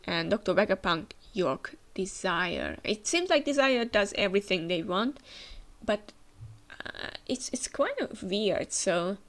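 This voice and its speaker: A woman's voice: medium pitch, big pitch swings, measured pace, fairly bright tone. A woman hosting a manga reaction, chatting as she reads the panels aloud. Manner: chatty, with frequent fillers and restarts. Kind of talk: reading manga aloud with comments.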